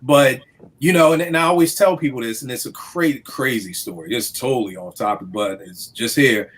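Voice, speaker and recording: A man in casual podcast talk, telling stories in a lively way and acting out the people he quotes. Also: medium pitch, moderate pace. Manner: animated storyteller, acts out quotes.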